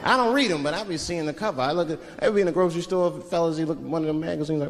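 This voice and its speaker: A man's voice: a little high, expressive, rapid-fire. Brash man doing stand-up. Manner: brash, profane storytelling with acted-out voices. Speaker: stand-up comedian. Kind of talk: stand-up comedy routine. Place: comedy stage before a live audience. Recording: live show with loud crowd laughter.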